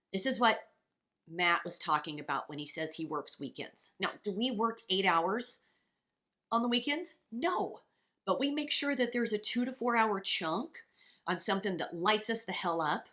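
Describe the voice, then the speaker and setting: A woman's voice: medium pitch, a bit bright. A woman co-hosting a podcast as a coach, talking in a passionate, blunt and profane way. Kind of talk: casual motivational podcast chat.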